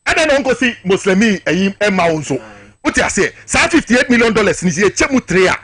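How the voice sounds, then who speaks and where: A man's voice: high voice, very animated, quick pace, a bit bright, husky. A man with a Ghanaian accent, a political guest on a talk show, arguing with passion and hammering rhetorical questions.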